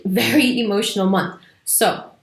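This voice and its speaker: A woman's voice: mid-range voice, steady tone, a little slow, gravelly. A woman giving a casual, emphatic astrology talk to camera, sometimes putting on playful little voices. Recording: echoey room.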